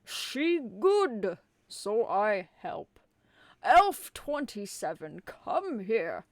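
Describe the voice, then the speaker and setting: A woman voicing a blunt, booming old Santa in a comic storybook reading. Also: sing-song, very slow, no echo, studio quality, full character voice. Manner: booming, broken English.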